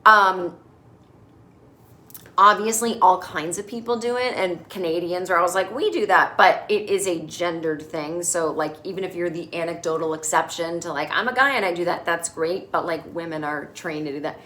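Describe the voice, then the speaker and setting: A middle-aged woman hosting a casual comedic recap, sarcastic and animated, quick to mimic characters in exaggerated voices. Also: fairly low pitch. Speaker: podcast host recapping a TV episode.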